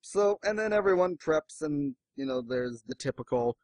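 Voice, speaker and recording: Male podcast co-host, casual and lively, leaps into high quote voices; fairly high pitch, dry recording. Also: normal speed, few pauses, dry recording. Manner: animated, jumps into high exaggerated quote voices. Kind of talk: casual chat about manga.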